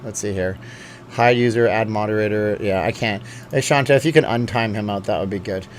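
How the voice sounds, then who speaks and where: A man's voice: on the low side, brisk, a little hiss or hum. A man hosting a casual live chat, reading viewer comments aloud and rambling at home. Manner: chatty, rambling, talks straight to viewers. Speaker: live-stream host. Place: at home with a dog at his feet.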